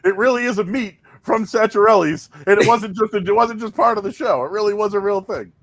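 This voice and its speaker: A man's voice: high voice, a little fast, a bit bright, dry recording. A man hosting a casual podcast chat, rambling with lots of restarts and "dude" and "man". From Boston area. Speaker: podcast host.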